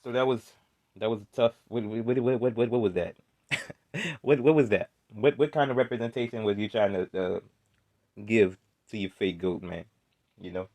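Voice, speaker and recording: A man's voice: lowish voice, normal speed, long pauses, darkish tone, dry recording. A man hosting a reaction video, heckling and ranting in a casual, exasperated way.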